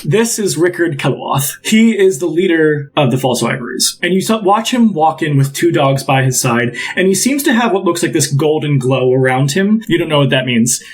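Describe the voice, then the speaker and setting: Husky-voiced man running a tabletop game. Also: on the high side, lively intonation, moderate pace, hardly any pauses, rough recording. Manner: loose, rambling descriptions with many fillers. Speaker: game master.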